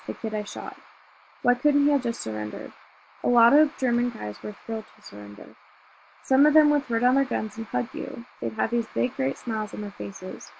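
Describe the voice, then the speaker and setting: A woman reading a novel aloud in first person, telling the story in a steady, measured way. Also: fairly high pitch, creaky, slight background noise, rough recording. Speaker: audiobook reader.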